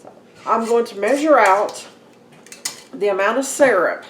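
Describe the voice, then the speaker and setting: A woman's voice: mid-range voice, expressive, a little slow, slight background noise. Woman, home cooking host, chatty, talks straight to viewers, echoey kitchen, faint clinking dishes. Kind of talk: casual cooking demonstration. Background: clinking dishes and utensils.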